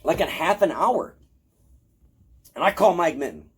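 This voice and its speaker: A horror convention vlogger shows off his haul, telling a casual story full of swearing and acting out his own lines. His voice sits fairly high and moves a little slowly, with noise in the background. He's animated and profane throughout.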